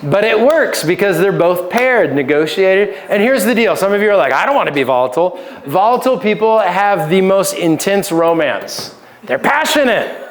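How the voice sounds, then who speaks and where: A man's voice: high voice, lively intonation, moderate pace. A male pastor teaching a relationship seminar in a casual, joking way, laughing often and checking in with "right?". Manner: conversational, keeps asking "right?".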